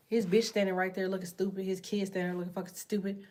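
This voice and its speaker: A woman's voice: medium pitch, level tone, fast, dark tone. A woman chats loosely with her livestream viewers from under a blanket in bed. Her talk is blunt, profane and full of slang, and she drifts from topic to topic. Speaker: tarot livestream host. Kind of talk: casual livestream chat with viewers. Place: in bed at home.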